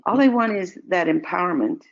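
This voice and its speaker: An older woman answering audience questions in a calm, explanatory way, weaving in stories. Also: on the low side, fairly quick, creaky. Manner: calm, explanatory, tells stories with acted quotes. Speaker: expert guest answering questions. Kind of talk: online question-and-answer session. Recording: dull lo-fi audio.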